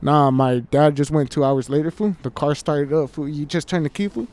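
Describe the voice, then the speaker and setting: A man with a dark, mellow voice and a somewhat high pitch tells a story in loose, profane street slang, dropping "fool" into nearly every line. He talks casually and stumbles through restarts as he goes. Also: fairly even intonation, normal speed. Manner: slangy, swears a lot, says "fool" constantly. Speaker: podcast co-host. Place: outdoors at night. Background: faint train.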